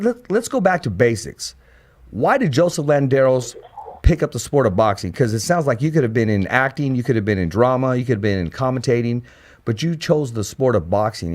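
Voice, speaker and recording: Dude hosting a podcast, pumped up, talks fast and trips over words, regular mid voice. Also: male voice, mid-range voice. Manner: energetic, repeats words when excited. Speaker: podcast host. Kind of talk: casual interview.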